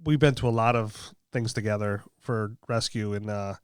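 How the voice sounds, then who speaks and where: A man with a smooth, clean voice hosts a relaxed chat in a dry studio sound. He rambles warmly, circling back with fillers as he encourages his guest. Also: fairly low pitch, moderate pace, no room sound. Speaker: podcast host. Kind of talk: casual chat.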